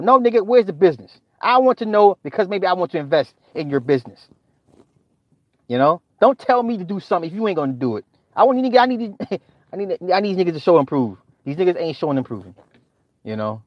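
A middle-aged man with a rather high-pitched voice holds forth in a profane livestream rant, exasperated and laughing between outbursts. His voice sits close and dry on the mic, with no room sound. The sound is a bit dull, like a modest lo-fi setup. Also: no echo. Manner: animated, exasperated, laughs often. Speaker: livestream host. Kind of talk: profane ranting commentary.

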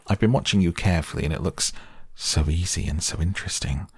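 A man's voice: low-pitched, brisk, husky, no echo, studio quality, exaggerated voice. A man voicing a vain, reckless male toad who swaggers and brags in a bedtime audiobook. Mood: wheedling. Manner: swaggering, loud bursts of bragging.

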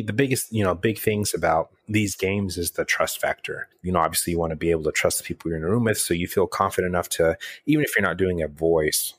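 Low-voiced man chatting casually. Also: husky, no echo, studio quality. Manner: rambling, many restarts and fillers. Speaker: podcast co-host and game master. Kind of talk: casual chat.

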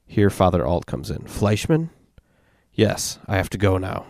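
A man hosting a podcast, retelling a dark story and reading the quoted lines aloud in a steady, matter-of-fact way. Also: deep voice, normal speed, no echo, clean studio sound. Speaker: podcast host.

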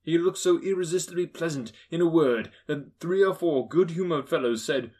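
A man narrating a classic story aloud with expressive, lilting storytelling. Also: fairly high pitch, normal speed, hardly any pauses. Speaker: audiobook narrator. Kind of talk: storybook reading.

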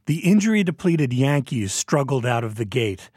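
A man reading scripted documentary narration in a measured, even way. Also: mid-range voice, breathy edge, no echo, studio quality.

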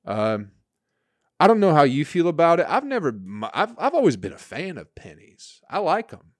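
A man's voice: a little high, wildly swooping pitch, moderate pace, dry recording, clean studio sound. A man hosting a casual solo podcast, rambling and swearing in an exasperated way. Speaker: podcast host.

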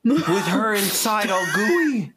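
A woman co-hosting a podcast in casual chat, joking and quick to crack up. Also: medium pitch, a loud crowd. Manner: animated, jokey, quick to crack up. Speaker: podcast co-host.

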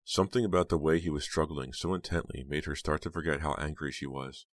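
Very deep-voiced man reading an audiobook. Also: no echo. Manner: steady, measured reading. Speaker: audiobook narrator. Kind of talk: audiobook narration.

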